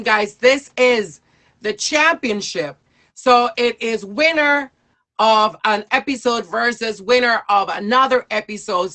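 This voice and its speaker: A woman's voice: a little high, bright, forceful tone. A woman hosting a live storytelling stream, upbeat and encouraging toward her guests.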